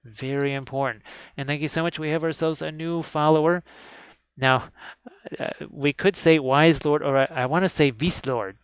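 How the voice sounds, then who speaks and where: A chatty man sits at his hobby desk, teaching miniature painting live to his viewers. His voice sits a little high for a man and comes across smooth and clean. The sound is close and dry, with no room echo. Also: steady tone, moderate pace. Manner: chatty and upbeat, often repeating "look at this". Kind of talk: live painting tutorial stream.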